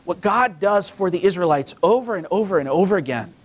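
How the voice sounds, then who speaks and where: A man pastor giving a casual, conversational sermon in a church, reading scripture and acting out the quotes. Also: brisk. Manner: conversational, acts out quotes with lively pitch. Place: church sanctuary.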